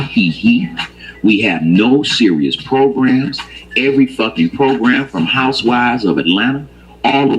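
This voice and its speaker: Older man, street storyteller, swings pitch wide, gets loud and preachy, faint music underneath. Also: breathy edge, low-quality recording. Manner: profane, emphatic, rises to heated preaching. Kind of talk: casual storytelling rant.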